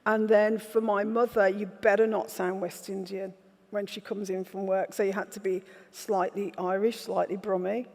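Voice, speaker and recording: A woman's voice: medium pitch, little pitch movement, normal speed, a little mellow. A woman, an author telling candid, wry stories in an onstage festival conversation. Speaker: author guest. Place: festival event stage. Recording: reverberant festival hall.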